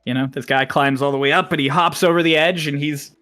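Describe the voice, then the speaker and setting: A man's voice: a little high, fairly even intonation, a little fast, fairly bright tone, clear, resonant tone, faint music behind. A man narrating a tabletop game as game master, describing scenes casually with fillers.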